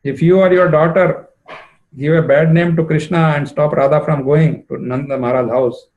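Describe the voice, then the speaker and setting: A man voicing a stern, angry male king of snakes who speaks in measured threats. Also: a little high, fairly even intonation, a little mellow, dull audio, lightly acted.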